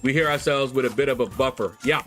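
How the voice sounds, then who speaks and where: A chatty, laughing male streamer from Kentucky speaks fast in a medium-pitched voice. He hosts a casual chat with viewers, telling animated stories and squealing in mock voices into a desk USB microphone, with faint background music.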